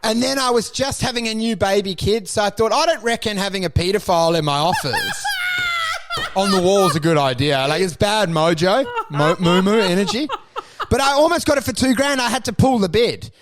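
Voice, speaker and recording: A man co-hosting a comedy podcast, telling animated stories in casual chat and acting out the people in them. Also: sits high, brisk, noisy background. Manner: animated storyteller, acts out voices. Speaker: podcast co-host.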